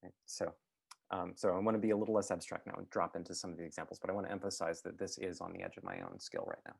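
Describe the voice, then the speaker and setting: A man giving a reflective talk as a guest speaker, thoughtful and halting, with many fillers and restarts. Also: deep voice, expressive, gravelly, slightly rough.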